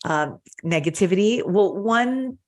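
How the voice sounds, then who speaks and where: A woman's voice: medium pitch, expressive, unhurried. A woman hosting a podcast in casual chat, earnest and gushing, often restarting her sentences. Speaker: podcast host.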